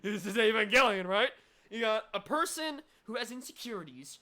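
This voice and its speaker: A young woman streaming a game with loud, rambling, sweary, excitable commentary. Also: fairly high pitch, normal speed. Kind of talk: let's play commentary.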